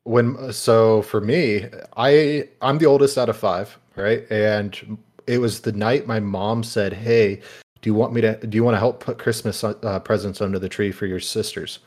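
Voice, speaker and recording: Young male guest, relaxed and matter-of-fact, lower pitch. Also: moderate pace. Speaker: podcast guest. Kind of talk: casual chat.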